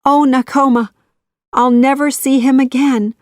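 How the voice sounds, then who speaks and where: A woman's voice: mid-range voice, slow, darkish tone, dry recording, studio quality, lightly acted. A woman voicing a brave young heroine who pleads and cries out, in a children's audiobook reading. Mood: sorrowful.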